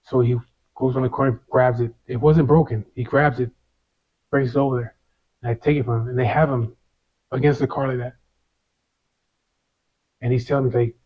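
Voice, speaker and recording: A man's voice: medium pitch, fairly even intonation, moderate pace, pauses often, muffled recording. A man telling a first-person story in casual street slang, swearing and saying "you know" a lot.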